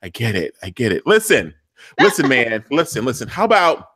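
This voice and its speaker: A man voicing a desperate young mother who pleads fast in casual slang. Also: mid-range voice, sing-song, fairly bright tone, no room sound, studio quality. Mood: pleading.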